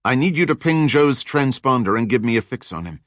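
A man's voice: mid-range voice, expressive, a little fast, fairly bright tone, no echo, clean studio sound, pitched above the performer's own voice, close to an everyday voice. A male audiobook narrator voicing a determined male hero who calls urgently over a radio. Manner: urgent, raised and pressing.

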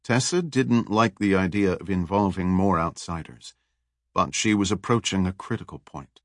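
A man narrating a thriller audiobook in a steady, even reading. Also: low voice, moderate pace, no echo, studio quality.

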